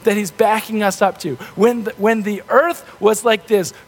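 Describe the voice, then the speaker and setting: A man preaching a sermon in a relaxed, conversational way, acting out the voices of the people in the story. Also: sits high, moderate pace, slightly rough. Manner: conversational, animated, acts out grumbling voices. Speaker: pastor. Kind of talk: casual sermon.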